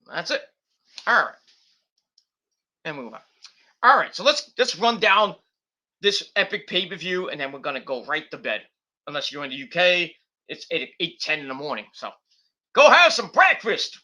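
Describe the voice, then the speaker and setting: A man's voice: a little high, expressive, normal speed, long pauses, pushed and bright. A man giving a casual, rambling wrestling review monologue, full of fillers and restarts.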